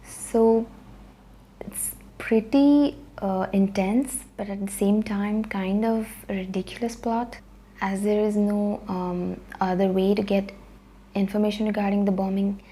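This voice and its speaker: Woman vlogger, casual movie recap, lots of ums and uhs, warm mellow tone. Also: medium pitch, fairly even intonation, a little slow. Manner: chatty, frequent ums and uhs.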